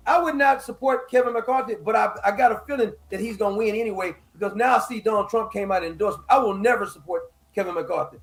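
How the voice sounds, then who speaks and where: A man's voice: high-pitched, fast talker, hardly any pauses. A man talking in a casual political chat on a live stream, blunt and profane, mocking and laughing often. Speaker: political commentator. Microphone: live stream microphone.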